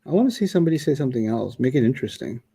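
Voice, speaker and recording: Lively, teasing male teacher. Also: medium pitch, very fast, gravelly, breathy edge. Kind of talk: online class teaching.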